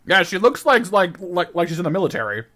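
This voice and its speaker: A man's voice: high voice, sing-song, fast, sharp tone. A man streaming a game, chatting casually with his viewers, rambling and repeating words often.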